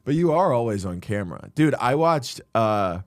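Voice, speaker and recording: A man's voice: medium pitch, big pitch swings, moderate pace, no echo, studio quality. Man telling rambling comedy stories. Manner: rambling anecdotal storytelling. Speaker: comedian and podcast host. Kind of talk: casual podcast chat.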